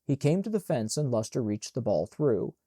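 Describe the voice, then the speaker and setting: A man reading an audiobook in a measured, plain narration on a close mic. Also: medium pitch, big pitch swings, warm tone, dry recording.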